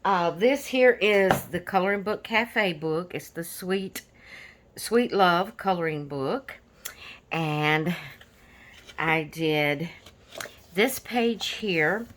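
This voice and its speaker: Woman chatting about her coloring pages at home, kinda low voice, rambly with lots of uh's. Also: very slow, pauses often, a little hiss or hum. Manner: easygoing, rambling with many fillers and restarts. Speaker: coloring channel host. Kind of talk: casual chat showing finished coloring pages.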